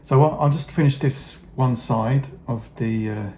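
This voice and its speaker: Painting miniatures on camera, a middle-aged man talks in a mid-range, darkish voice at a measured pace, with a slight hiss or hum in the recording. His chat is casual and rambling, full of fillers, wry asides and now and then a swear word.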